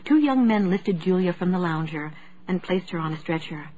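A woman's voice: fairly low pitch, expressive, normal speed, dark tone. A woman reading a dramatic audiobook aloud, lifting her voice for the characters' dialogue. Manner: reads dialogue with raised emotional character voices. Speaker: audiobook narrator. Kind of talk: scripted audiobook narration. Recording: dull lo-fi cassette audio with faint hiss.

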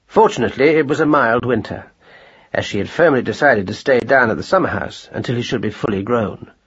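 A man narrating a storybook in a measured, gently wry telling. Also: medium pitch, husky, highs cut off. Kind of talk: audiobook narration.

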